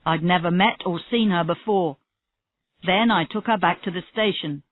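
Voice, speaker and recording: Stubborn male murder suspect under questioning, read by a woman; slow, low-ish, dry tinny audio. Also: no echo, close to an everyday voice. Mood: defensive. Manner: stubborn denials, rising to angry shouts. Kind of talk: reading a graded story aloud.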